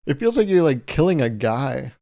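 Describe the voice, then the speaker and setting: A man's voice: mid-range voice, sing-song, moderate pace, gravelly, dark tone. A man hosting a solo comedy podcast, rambling through stories in a self-mocking way and laughing often. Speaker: podcast host.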